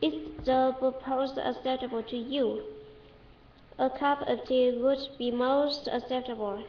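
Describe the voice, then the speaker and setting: A woman's voice: sits high, steady tone, unhurried, a little hiss or hum. A woman with a Vietnamese accent reading English dictionary entries aloud to practice pronunciation, repeating each word several times and correcting herself. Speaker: English learner. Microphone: webcam. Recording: echoey room, dull lo-fi webcam audio.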